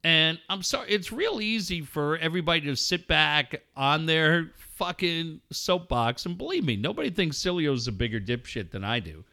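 A man hosting sports radio in a loud, profane rant, full of blunt jabs at his listeners. His voice sits high and swings wildly up and down, with a bright, cutting edge. It sounds like a studio mic. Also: sing-song, moderate pace, few pauses. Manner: loud, blunt and swearing, with mocking asides.

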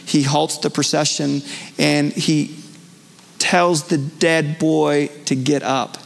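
A man's voice: a little high, fairly even intonation, slow, gravelly, soft background music. A male pastor preaching a live sermon in a church, earnest and conversational with frequent fillers and restarts. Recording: long church hall reverb.

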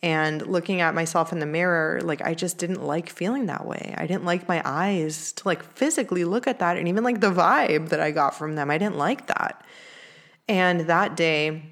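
Young woman, low voice, casual confessional storyteller, filler-heavy, earnest. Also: moderate pace, fairly bright tone. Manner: candid, heavy use of "like" fillers. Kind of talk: personal storytelling.

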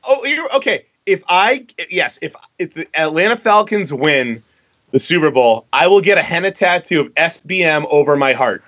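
A man's voice: fairly high pitch, normal speed. A man co-hosting a sports podcast, leading the picks and teasing the others. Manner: excitable, teasing. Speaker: podcast co-host. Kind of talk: casual sports banter. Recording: dry dull lo-fi audio.

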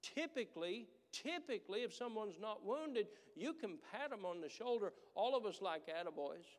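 A man's voice: high voice, animated, moderate pace, big-room sound. A man preaching a sermon as pastor, with a manner that builds into emphatic, repeated declarations. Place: church sanctuary.

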